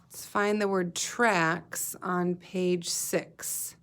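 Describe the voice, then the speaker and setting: Woman elementary teacher, slow and patient, spells and sounds out words for small kids. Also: lowish voice, fairly even intonation, a bit bright, smooth. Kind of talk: guided reading lesson for young children.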